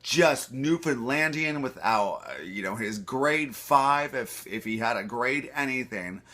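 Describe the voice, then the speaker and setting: Male comic, hoarse, bright tone, lively pitch, self-deprecating asides. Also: measured pace. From eastern Ontario, Canada. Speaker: comedian. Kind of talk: comedic monologue.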